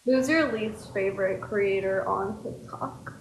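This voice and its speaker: A woman's voice: medium pitch, a little slow. A woman interviewing a guest in a casual chat, asking teasing questions and filling gaps with "like.". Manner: chatty, frequent "like" fillers, teasing questions. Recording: echoey room, faint background noise.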